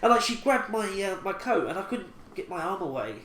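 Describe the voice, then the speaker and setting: A young man recounts a story in loose, rambling podcast chat, often laughing and restarting his sentences. His voice sits a little high. The sound is echoey, with a faint hiss under it. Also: big pitch swings, brisk, a bit bright. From England. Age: 20s. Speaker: podcast co-host. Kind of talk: casual chat, telling an anecdote. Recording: echoey room with faint ambient noise.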